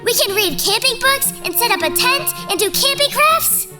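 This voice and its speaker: An excitable childlike puppet, narrating in a very high voice that leaps all over the place. Bursts into eager shouts between bouncy storytelling, with music behind. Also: normal speed. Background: background music.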